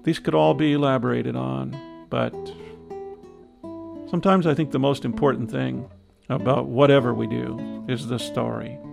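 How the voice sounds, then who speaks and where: An older man telling a first-person adventure story in measured, reflective, clipped phrases. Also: medium pitch, fairly even intonation, gravelly. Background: soft guitar music.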